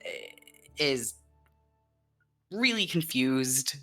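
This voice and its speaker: A man narrating a tabletop game as game master, slow and halting, with small restarts. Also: medium pitch, lively intonation, sharp tone, soft background music.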